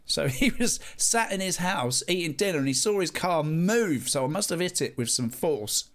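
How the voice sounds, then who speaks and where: A young man telling a vivid, animated personal story in a casual way, with some swearing. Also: a little high, moderate pace. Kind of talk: casual anecdote.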